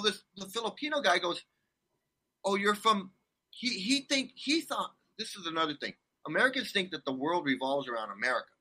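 Man, 60s, from California, interview guest, rambling storyteller, very bright tone. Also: high-pitched. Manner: rambling, animated storytelling with restarts. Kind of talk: casual interview chat.

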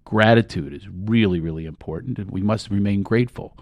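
A middle-aged man as a talk-show guest, calmly guiding listeners through a laughter and breathing exercise and often breaking into giggles. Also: fairly low pitch, fairly quick, no room sound, clean studio sound. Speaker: guest, laughter and life coach.

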